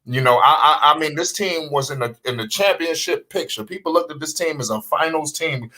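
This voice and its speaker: High-voiced animated man talking hoops. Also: a little fast. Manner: animated, profane, keeps asking "you understand?". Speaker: sports talk show host. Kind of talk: casual live sports talk.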